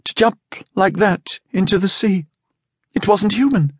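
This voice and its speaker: A man's voice: high-pitched, measured pace, husky, no echo, studio quality, voice pushed up, exaggerated voice. A man voicing a frightened young woman who whispers, stammers and pleads, in an audiobook. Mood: strained. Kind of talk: audiobook character voice.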